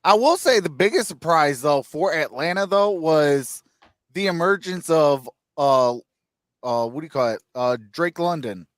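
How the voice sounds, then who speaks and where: A man's voice: on the high side, animated, unhurried, dry recording. A man hosting a casual sports chat with a slightly raised voice, talking in a loose, rambling way full of "uh" and "you know." His voice sounds dry and close to the mic. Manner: rambling, many fillers, laughs at own jokes. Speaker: host.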